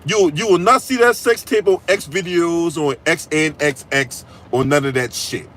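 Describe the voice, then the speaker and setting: A man's voice: fairly high pitch, normal speed, fairly bright tone, low-quality recording. A man hosting a political commentary channel, delivering a profane, mocking rant full of crude trash talk and repeated "right?".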